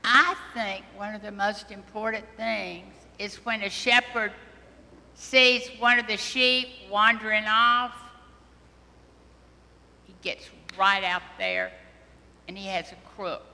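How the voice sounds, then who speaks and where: A woman priest giving a children's sermon, talking slowly and gently and asking the children questions. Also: mid-range voice. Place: church sanctuary. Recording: long church reverb.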